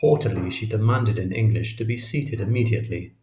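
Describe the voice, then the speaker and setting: A man narrating an audiobook in a measured storytelling read, in a roomy-sounding recording. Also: lowish voice, mellow, a little hiss or hum. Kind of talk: scripted narration. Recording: roomy echo.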